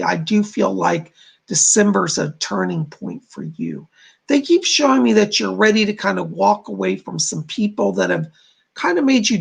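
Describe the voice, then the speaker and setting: A man's voice: sits high, vocal fry, slightly rough. A man hosting a live stream as a psychic medium, reading viewers' comments aloud and passing on spirit messages in an informal way. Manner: informal, repeats "I gotta tell you".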